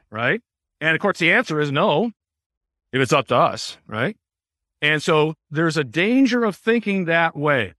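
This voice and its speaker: A man with a bright, slightly high speaking voice leads a Bible study for a small class. He explains in a loose, conversational way, full of small "uh" fillers, and keeps turning questions back to his listeners. The sound is dry and close. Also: no echo. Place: room with a small class present.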